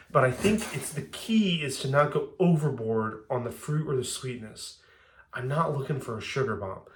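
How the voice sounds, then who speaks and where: A young man talks through making a cocktail at home in a loose, rambling way. He restarts sentences and drifts into asides. His voice sits at an ordinary middle pitch. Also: fairly bright tone. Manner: chatty, rambling, frequent restarts. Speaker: bourbon video host. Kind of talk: casual home cocktail demo.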